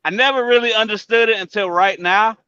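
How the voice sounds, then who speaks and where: Man, panelist, bright sharp voice, animated, lo-fi. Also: high voice, a little fast. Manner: animated, thinking out loud. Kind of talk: casual group discussion.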